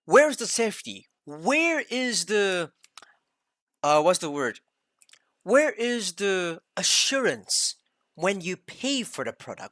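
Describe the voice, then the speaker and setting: A man's voice: sits high, big pitch swings, slow, a bit bright, dry recording, studio quality. A man streaming, giving a heated, rambling rant full of swearing while reacting to a video. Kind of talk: ranting reaction commentary.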